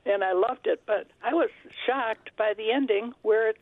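A woman calling into a radio show, her voice raspy and hoarse, friendly and eager. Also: on the high side, normal speed, no echo. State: hoarse after surgery. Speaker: radio caller. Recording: tinny phone line.

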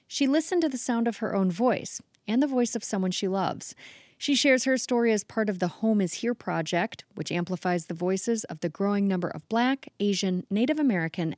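A woman host and producer introducing and closing a public radio segment in a measured announcing style. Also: medium pitch, darkish tone, no room sound, studio quality.

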